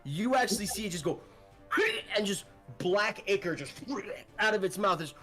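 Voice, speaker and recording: A man's voice: high voice, animated, normal speed, loud music behind the voice. A young man running a tabletop game as game master, rambling and swearing as he narrates.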